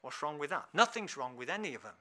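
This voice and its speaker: Guy preaching in church, kinda high voice, chatty n laughing a lot. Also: fast. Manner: chatty and animated, laughs often. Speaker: lay preacher. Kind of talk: informal sermon.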